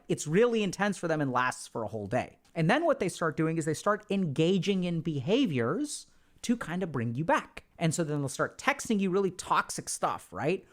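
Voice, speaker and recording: A man giving a casual, animated talk on relationships, acting out quoted dialogue. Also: a little high. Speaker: relationship educator.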